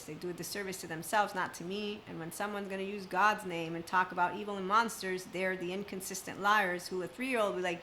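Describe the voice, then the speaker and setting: A woman's voice: medium pitch, steady tone, fairly quick, hardly any pauses, pushed and bright, a little hiss or hum, poor audio. A woman speaking as a spiritual self-help speaker, talking emphatically in long run-on sentences in an unscripted monologue.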